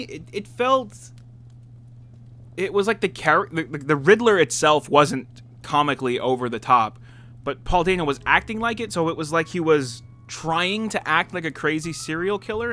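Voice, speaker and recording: Bright-voiced young man rambling about movies. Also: on the high side. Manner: chatty and rambling, frequent "like" fillers, laughs often. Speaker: movie reviewer. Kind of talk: casual spoken film review.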